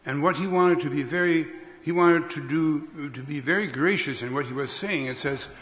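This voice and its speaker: A man preaching a sermon as a pastor, unhurried, with restarts and careful emphasis. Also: fairly high pitch, a bit bright. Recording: long reverb of a hall.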